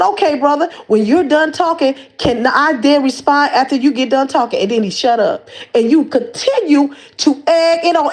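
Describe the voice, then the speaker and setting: A woman's voice: high-pitched, darkish tone. A woman hosting a livestream, calling out someone in a heated rant with lots of repeated words and restarts. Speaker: livestream host.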